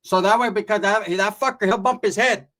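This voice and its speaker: A man's voice: sits high, steady tone, fairly quick, fairly bright tone, pitched above the performer's own voice. A man voicing his older aunt as she nags him to look after his cousin. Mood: nagging. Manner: nagging, warning. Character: scolding protective older aunt, woman.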